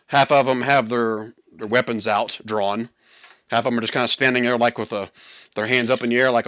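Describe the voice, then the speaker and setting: A man narrating and running an online tabletop role-playing game as game master, relaxed and chuckling. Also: dry recording, dull audio. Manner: relaxed, chuckling, voices the crowd in quick high bursts. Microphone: headset or desk mic on voice chat.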